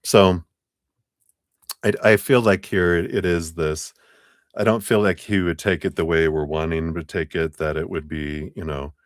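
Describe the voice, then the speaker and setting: Deep-voiced man giving a casual tarot reading. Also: steady tone, normal speed, no room sound, studio quality. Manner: casual, rambling, gentle, full of fillers. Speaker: tarot reader. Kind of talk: live tarot reading to a client.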